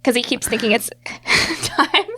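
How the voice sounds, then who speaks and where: A woman's voice: a little high, measured pace, sharp tone, slightly rough. A woman co-hosting a podcast, telling stories in a chatty, casual way and laughing often. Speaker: podcast co-host. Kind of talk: casual chat.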